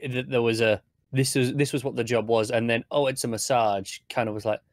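Halting British man discussing TV. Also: mid-range voice, fairly even intonation, no room sound. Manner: hesitant, halting, adds short comments. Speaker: podcast co-host. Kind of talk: casual TV discussion.

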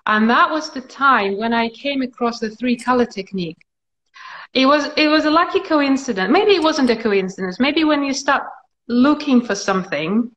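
A woman artist answering interview questions in a thoughtful, halting way, with frequent pauses and restarts. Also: fairly high pitch, dull audio.

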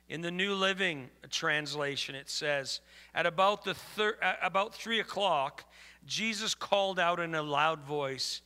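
A man's voice: fairly high pitch, slow, sharp tone, long reverb tail. A man preaching a sermon as pastor, conversational and asking the congregation for amens. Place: church.

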